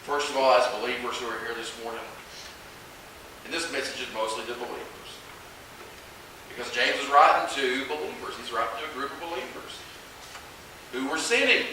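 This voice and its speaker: A man preaching a sermon in a church in a conversational way, asking the congregation questions and moving between hushed and loud passages. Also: medium pitch, moderate pace, long pauses. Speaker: pastor. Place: church sanctuary. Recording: echoey hall, distant mic, faint hiss.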